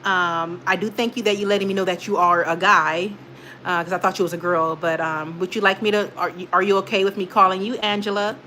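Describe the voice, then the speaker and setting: A woman's voice: on the low side, steady tone, brisk, sharp tone, slight background noise. A young woman hosting a casual livestream, chatting straight to her viewers and reading their comments, rambling with many fillers. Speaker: channel host reading live chat.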